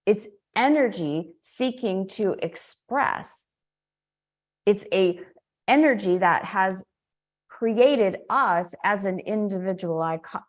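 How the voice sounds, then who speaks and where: Woman coaching on spiritual laws. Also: fairly low pitch. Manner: conversational, self-correcting, with asides. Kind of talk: teaching talk on spiritual laws.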